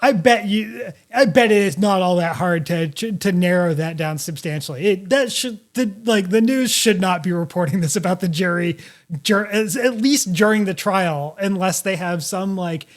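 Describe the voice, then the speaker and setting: A man with a noticeably high voice co-hosts a casual stream. He gropes for words, restarts his sentences and fills gaps with "like.". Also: normal speed. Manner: hesitant, filler-heavy, lots of "like". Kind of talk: casual chat.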